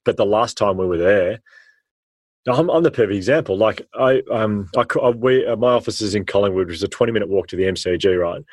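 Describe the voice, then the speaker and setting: An Australian man, a former teacher, telling stories with animated, slangy energy in an interview. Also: lowish voice, fast talker, dry recording. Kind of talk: storytelling in a podcast interview.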